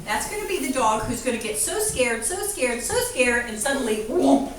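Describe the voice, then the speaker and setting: A woman veterinarian giving a playful, animated talk to a class of children, asking them questions. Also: on the high side, normal speed, a crowd in the background. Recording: echoey room from far off, faint noise.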